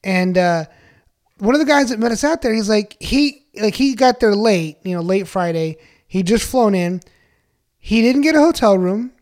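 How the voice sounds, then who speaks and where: A man's voice: sits high, animated, moderate pace, a little mellow. A man telling a story in casual podcast chat, rambling with lots of fillers and swearing.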